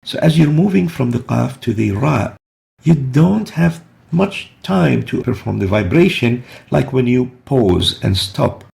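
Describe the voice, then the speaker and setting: A man with a gravelly edge to his voice, teaching a recitation lesson. He explains each rule step by step and patiently repeats example words slowly so they can be heard clearly. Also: mid-range voice, sing-song, a little mellow. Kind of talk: explaining tajweed rules step by step.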